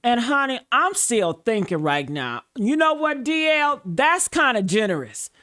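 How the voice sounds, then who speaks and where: A woman's voice: a little high, very animated, unhurried, pushed and bright. A woman host giving a scripted commentary monologue, preacher-like and full of repeated phrases.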